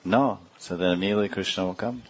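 A man's voice: low-pitched, fast talker, a little hiss or hum. A middle-aged man giving a devotional lecture, reciting Sanskrit verses and explaining them with a laugh now and then. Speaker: spiritual teacher.

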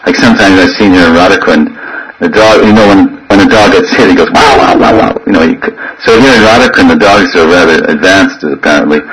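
Deep-voiced man giving a rambling devotional talk. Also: fairly quick, fairly bright tone, a little hiss or hum, rough recording. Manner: rambling storyteller, imitates crying children and yelping dogs. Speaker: spiritual teacher. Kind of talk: informal devotional class talk. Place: living in a holy town in India.

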